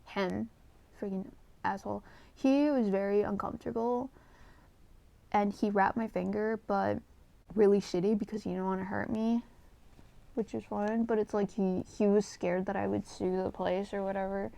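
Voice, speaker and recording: Woman vlogger rambling through a personal story, lots of vocal fry, swears a lot, kinda emotional and confessional, dry sound. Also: mid-range voice, fairly even intonation, moderate pace, warm tone, no echo. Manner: candid and rambling, with many fillers and swearing. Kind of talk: casual storytime.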